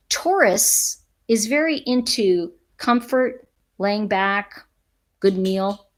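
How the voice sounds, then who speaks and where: A middle-aged woman hosting a casual live stream, chatting with viewers in an emphatic way and laughing often. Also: medium pitch. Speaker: livestream host.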